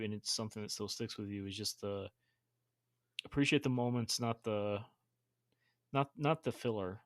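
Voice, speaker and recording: A man's voice: mid-range voice, no echo, clean studio sound. A man hosting a podcast, earnest and sincere, often stumbling over repeated words. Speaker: podcast host. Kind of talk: podcast interview.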